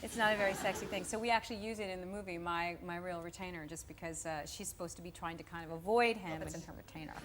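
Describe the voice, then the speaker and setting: A woman who is a guest on a talk show, chatty and quick to laugh as she tells stories. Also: fairly low pitch, fairly even intonation, a crowd in the background. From United States. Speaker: guest actress. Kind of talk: chat show interview. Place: TV studio.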